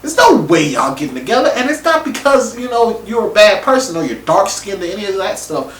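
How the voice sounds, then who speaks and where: A man giving a casual, animated review of a TV episode, acting out people's reactions in slangy everyday talk. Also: sits high, a little fast. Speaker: TV show reviewer. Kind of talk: casual opinion monologue. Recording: echoey room, mic at a distance.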